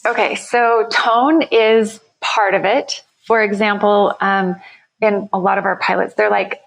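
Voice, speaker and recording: Gravelly-voiced woman founder explaining. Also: medium pitch, fairly even intonation, measured pace. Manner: enthusiastic, explanatory, self-correcting. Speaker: company founder, guest. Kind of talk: podcast interview.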